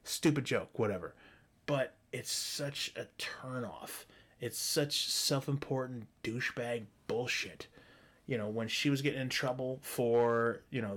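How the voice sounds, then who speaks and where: A man's voice: medium pitch, fairly bright tone. A man delivering a profane, heated monologue as a podcast host, sarcastic and mocking others in put-on voices. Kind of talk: ranting monologue.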